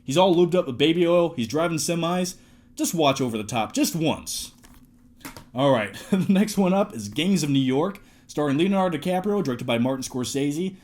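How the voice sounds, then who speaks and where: A man in his twenties talking casually to camera, reviewing his movie collection in a jokey, excitable way. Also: fairly high pitch, normal speed. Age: 20s.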